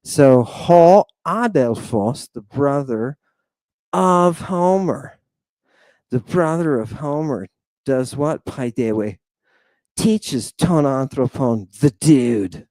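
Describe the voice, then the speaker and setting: Unhurried male Greek teacher with a warm, mellow tone and a dry, close sound; chatty, joking at himself, and he stretches out each word he drills. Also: medium pitch, animated, no echo. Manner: chatty, self-mocking, keeps asking "right?"; drawn-out, emphatic pronunciation drills. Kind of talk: recorded online language lecture.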